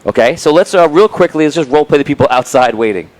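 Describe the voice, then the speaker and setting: A man's voice: on the high side, lively intonation, fast talker, low-quality recording. A man narrating a tabletop game as game master on a live stream, rambling with many restarts.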